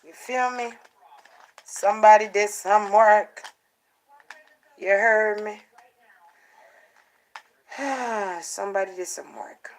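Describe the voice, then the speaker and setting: A woman doing a casual spiritual card reading for her channel, talking in an animated way, repeating phrases and acting out what others might say. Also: medium pitch, slow pace, pauses often, rough recording. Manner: animated, repeats herself, acts out quotes. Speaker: tarot card reader.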